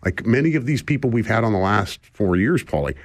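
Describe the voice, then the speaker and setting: A man's voice: on the low side, expressive, brisk, no room sound. Chuckling older male radio host. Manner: rambling, chuckling, self-deprecating. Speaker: radio talk show host. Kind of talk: casual radio talk. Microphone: studio microphone.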